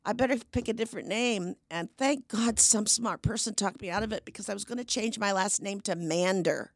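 Speaking briskly in a medium-pitched voice, this seventies-aged actress is a podcast guest who brings her conversational anecdotes to life, performing the voices of the people she quotes. The recording is dry and studio-clean.

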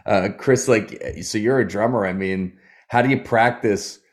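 A man's voice: fairly low pitch, moderate pace. A man, a guest comedian, chatting casually and acting out his own thoughts as he tells stories. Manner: animated storytelling, acts out his own thoughts. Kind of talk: casual chat.

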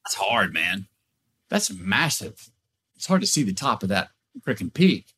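Folksy, animated man guesting on a podcast. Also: fairly low pitch, slightly rough. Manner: folksy, drawn-out and reflective. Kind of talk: casual chat.

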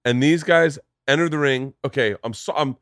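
A man hosting a podcast, telling stories in a casual, animated way, swearing freely and breaking into impressions. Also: moderate pace, no room sound, clean studio sound. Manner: animated storyteller, swears freely, jumps into high-pitched impressions. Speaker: podcast host. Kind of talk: casual chat.

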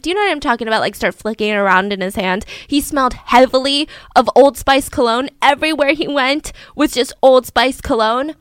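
A woman casually telling a true crime story in a chatty, animated way, acting out the quotes of the people in it. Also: sits high, clean tone, no room sound.

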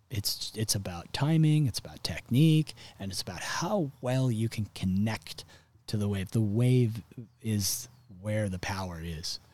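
A surfer telling a story in a rambling, casual way, cutting himself off mid-sentence and swearing now and then. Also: male voice, lowish voice, darkish tone.

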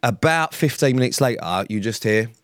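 A man's voice: medium pitch, lively intonation, normal speed, a little hiss or hum. A man co-hosting a podcast, telling a story in a dry, self-mocking, sweary way. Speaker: podcast co-host. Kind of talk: casual storytelling chat.

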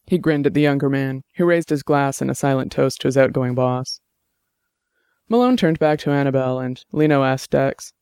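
Guy narrating an audiobook, smooth voice, dry close sound. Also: mid-range voice, normal speed, a little mellow, no room sound.

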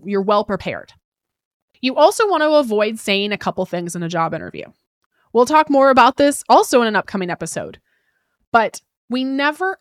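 A woman's voice: medium pitch, fairly bright tone, no room sound. Chatty woman podcast host, dry sound. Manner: quick, chatty delivery with frequent "right?" tag questions; fillers like "like" and "kinda". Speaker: podcast host giving job-interview advice. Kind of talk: casual advice podcast.

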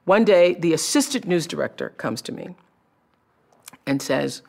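Woman with a gravelly edge, telling her own story, very expressive, acts out voices. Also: fairly low pitch, measured pace. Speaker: television personality recounting her career. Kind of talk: personal storytelling talk.

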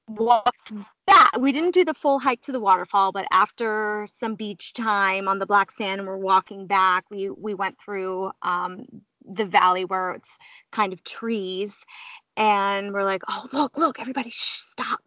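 A woman telling a story in casual chat, lively and quick to break into high quoted voices. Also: no room sound, rough recording. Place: lives in Hawaii.

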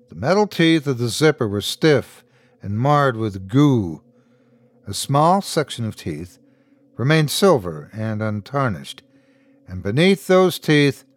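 A man reading a first-person horror story aloud as host and narrator, expressive and dramatic. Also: mid-range voice, no echo, clean studio sound.

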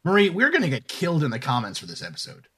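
A man's voice: a little high, huge pitch swings, racing, a bit bright, breathy edge. A man hosting a podcast, chatting casually and rambling, then reading an upbeat sign-off. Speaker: podcast host. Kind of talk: casual chat.

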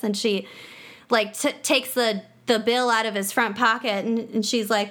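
A young woman with a Minnesotan accent, co-hosting a podcast and telling a long joke with lively acted-out voices. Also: on the high side, normal speed. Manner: animated storyteller, acts out voices in the joke. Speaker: podcast co-host. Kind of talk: casual chat and joke telling.

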